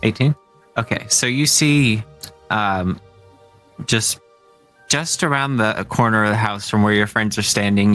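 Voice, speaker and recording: Man, game master narrating a tabletop game, hesitant, fillers, lowish voice, faint music under. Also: a bit bright. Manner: hesitant, many fillers, laughs often.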